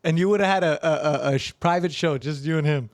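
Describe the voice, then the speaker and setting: A man's voice: fairly high pitch, fast. A man appearing as a guest on a comedy podcast, teasing and needling the host in casual chat.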